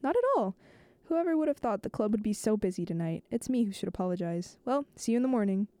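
A woman voicing a glamorous older woman with a slightly husky voice who is out of breath and in a hurry. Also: medium pitch, expressive, fast talker, dark tone, no echo, natural voice. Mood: warm, hurried.

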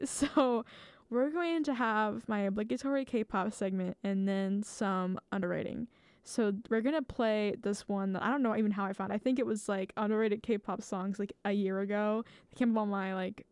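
An American woman hosts a music show in a loose, rambling chat full of "like" and restarts. Her voice is smooth and clean. It sits close and dry on the mic. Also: mid-range voice, darkish tone, dry recording. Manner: chatty and rambling, many likes and restarts. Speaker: radio show host.

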